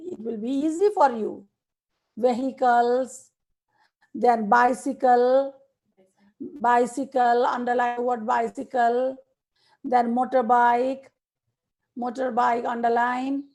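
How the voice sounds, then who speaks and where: A woman with a Nepali accent teaching young children in an online class over a video call, slowly dictating words one by one and repeating them. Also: high-pitched, gravelly, darkish tone. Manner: slow, repetitive dictation to students.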